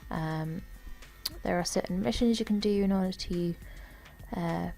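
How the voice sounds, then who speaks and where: A tired woman giving casual, rambling commentary while walking through a game, often unsure and filling pauses. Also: on the low side, vocal fry, mellow, soft background music. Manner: rambling, unsure, lots of fillers. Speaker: gamer.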